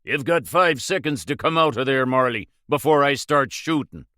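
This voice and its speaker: A man reading an audiobook, voicing a cool, menacing gunman hero who threatens calmly and mockingly. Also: mid-range voice, moderate pace, no echo, clean studio sound, pitched above the performer's own voice.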